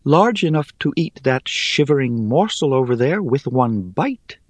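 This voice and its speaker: A man's voice: medium pitch, big pitch swings, measured pace, slightly rough, no room sound, pitched above the performer's own voice. A man voicing an ancient female spider in a small, airy voice, wry, teasing and superior, in a storybook reading.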